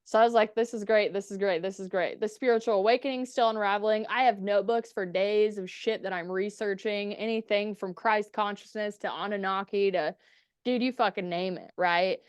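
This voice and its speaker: A young woman who swears freely as she tells her stories as a podcast guest, switching into the voices of the people she quotes. Her voice is smooth and clear at a middle pitch, recorded dry and close. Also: steady tone, brisk, no echo. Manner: candid, profane, acts out quoted dialogue. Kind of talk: casual storytelling interview.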